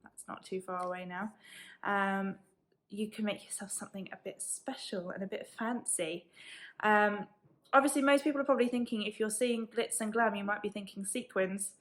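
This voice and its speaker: A woman chatting fast in a casual unboxing vlog, apologetic and cheerful as she shows her sewing box. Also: medium pitch, fairly even intonation. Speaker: sewing subscription box maker.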